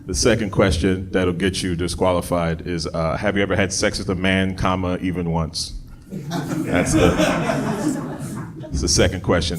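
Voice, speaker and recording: A man performing a stand-up comedy set, talking conversationally and jumping into loud shouted bits when he acts out voices. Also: deep voice, a little fast, crowd noise.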